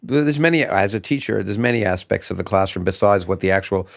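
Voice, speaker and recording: A man hosting an interview podcast in an office, asking questions in a halting way with many restarts. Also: lowish voice, lively intonation, creaky, dry recording, studio quality. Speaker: podcast host. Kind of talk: interview conversation.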